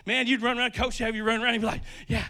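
A man preaching a sermon with lots of energy, swinging between loud emphasis and quiet asides, a bit out of breath. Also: very high-pitched, flat delivery, rapid-fire.

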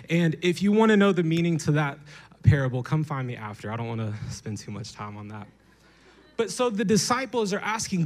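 A young man delivers a sermon in a lively, playful way. His voice sits at an ordinary middle pitch. He tells stories with energy and drops into little acted voices. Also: brisk. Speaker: preacher.

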